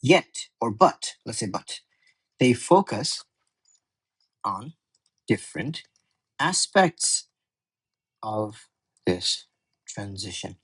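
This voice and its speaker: Husky man thinking aloud through a lesson. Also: on the low side, very animated, drawn-out words, long pauses, a bit bright, rough recording. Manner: chatty, self-correcting, thinks aloud. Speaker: English tutor. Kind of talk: casual exam walkthrough while typing.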